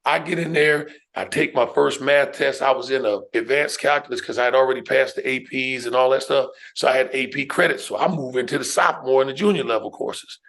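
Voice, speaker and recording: A middle-aged man from New York, a guest educator and speaker telling his life story on a podcast in an emphatic, animated way. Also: medium pitch, a little fast, few pauses. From New York, USA. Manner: emphatic, animated storyteller who addresses the listener with "man" and "right?".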